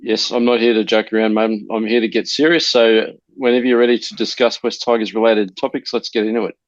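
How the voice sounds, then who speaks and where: A man's voice: on the low side, steady tone, no echo, highs cut off. A man co-hosting a sports podcast in a mock-serious way. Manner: mock-serious, fast-talking. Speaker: podcast co-host. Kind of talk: casual sports chat.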